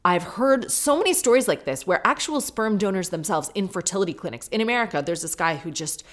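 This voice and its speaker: Frank, low-voiced woman podcaster. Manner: frank, chatty, quick to laugh. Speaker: podcast host. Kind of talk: casual chat.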